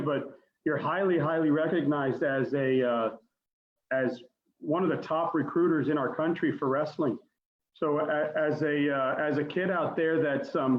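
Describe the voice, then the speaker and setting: A man hosting a wrestling podcast, chatting with enthusiasm and laughing easily while asking his guest questions. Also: a little high. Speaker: podcast host and wrestling parent. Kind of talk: casual interview chat. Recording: dull, roomy remote call audio with faint noise.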